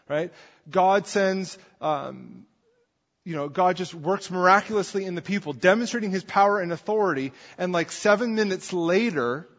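A man preaching a sermon in a conversational way, often checking in with his listeners. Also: high voice. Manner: conversational, asks the congregation "right?" often. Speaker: pastor. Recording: dull sound with long hall reverb.

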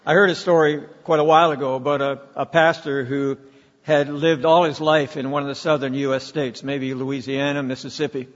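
A man's voice: mid-range voice, flat delivery, a little fast. A man preaching a sermon as pastor, telling stories and leading the congregation in reading aloud. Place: church sanctuary. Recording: dull, lo-fi sound with long hall reverb.

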